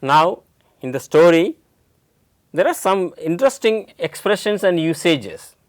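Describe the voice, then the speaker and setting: A man's voice: high-pitched, expressive, measured pace, no room sound. A man with an Indian English accent leads an English lesson, quizzing a student and explaining each point. His voice sounds dry and close, with little room around it. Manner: questioning, step-by-step explaining. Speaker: teacher.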